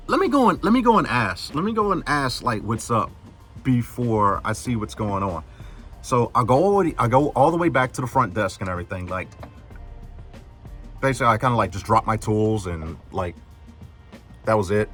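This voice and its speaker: A man's voice: fairly low pitch, fairly bright tone. A man telling a story casually as a vlogger, rambling with lots of fillers and acting out what people said. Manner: rambling, full of "like" fillers, retells dialogue. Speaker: vlogger, truck builder.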